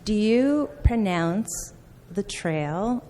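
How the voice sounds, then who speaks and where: A woman's voice: a little high, animated, slow, few pauses, darkish tone, a little hiss or hum. A woman in the audience asking a lighthearted, giggly question. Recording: echoey convention hall reverb.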